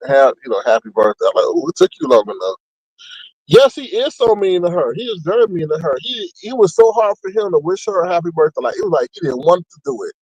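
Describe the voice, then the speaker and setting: A man runs a casual gossip commentary, voice sitting high and leaping around as he mocks and acts out the people he talks about. The sound is dry and close, with no room around it. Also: fast talker, few pauses, breathy edge, no room sound, low-quality recording. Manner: animated, mocking, acts out quotes with big pitch jumps. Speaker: commentary channel host.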